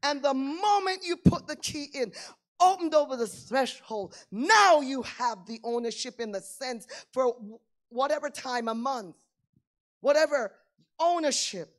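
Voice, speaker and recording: A woman preaching a sermon, swinging between hushed lines and loud emphatic ones, acting out little everyday dialogues. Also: sits high, expressive, measured pace. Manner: acts out little dialogues in plain voices.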